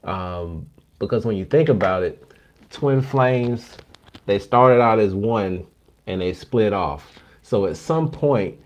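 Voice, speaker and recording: A man co-hosting a livestream, explaining things in a measured, casual way with many pauses. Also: on the low side, animated, a little mellow. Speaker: co-host.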